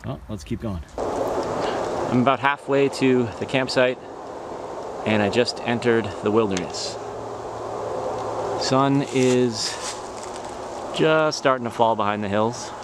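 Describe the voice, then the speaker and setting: A man's voice: mid-range voice, slow pace, long pauses, heavy background noise. A man filming himself on a hike outdoors, giving casual, wry running commentary. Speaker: hiker filming his trip. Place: outdoors on a forest trail.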